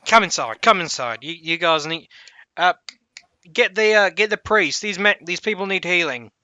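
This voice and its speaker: A man voicing a gruff old male half-orc right-hand man with a bit of a Cockney accent, blunt and brusque. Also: medium pitch, normal speed, sharp tone, no room sound, natural voice. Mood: urgent. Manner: blunt, brusque, swears freely.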